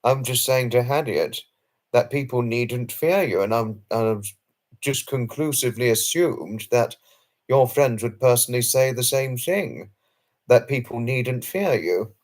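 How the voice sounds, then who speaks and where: With lively intonation and a slightly mellow mid-range voice, a man hosts a late-night live stream at a measured pace. Replying to viewers' messages, he sounds earnest, formal and effusive, often apologizing and saying things twice.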